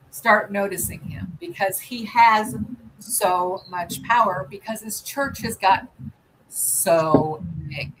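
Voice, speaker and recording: While working on nail art, a woman from the United States hosts a laid-back livestream full of ums, restarts, and rambling chatter. Her medium-pitched voice has a sharp tone, and the poor-quality recording has a faint hiss or hum.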